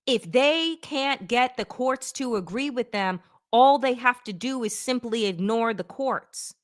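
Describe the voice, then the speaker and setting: Woman political show host, blunt and sarcastic, high lively voice, unhurried. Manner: emphatic, blunt, sarcastic, swears freely. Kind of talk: opinionated political commentary.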